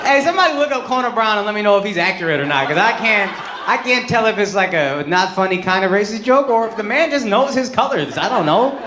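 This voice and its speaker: A man's voice: high voice, expressive, quick pace, background noise. Brash, profane man doing crowd work. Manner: brash, profane, mock-outraged. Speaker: stand-up comedian. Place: comedy club stage with live audience. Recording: echoey club with loud crowd laughter.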